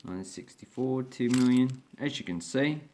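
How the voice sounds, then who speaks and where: A man's voice: mid-range voice, animated, moderate pace, warm tone. A man hosting a coin collecting video, thinking aloud as he grades and values each coin. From Australia. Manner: thinks aloud while grading coins. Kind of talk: casual coin review narration.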